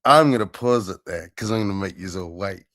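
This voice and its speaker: A man with an Australian accent chats casually with friends. He is laid-back and sweary and laughs easily. His voice sits on the lower side. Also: brisk, fairly bright tone. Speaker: streamer host. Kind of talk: casual chat.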